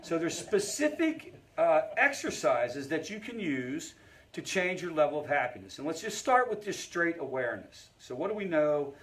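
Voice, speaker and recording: A man's voice: a little high, very animated, moderate pace. A man, teaching a family support group. He talks conversationally, tells stories along the way and keeps asking the room whether they follow him. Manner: engaging, checks in with the audience often; conversational, storytelling asides. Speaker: family recovery group facilitator.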